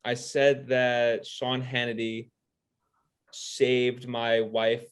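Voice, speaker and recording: A man co-hosting a podcast, talking in a loose, rambling way. His voice sits at a middling pitch, and he slips dry jokes in between fillers. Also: little pitch movement, drawn-out words, clean tone. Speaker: podcast co-host. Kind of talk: casual chat.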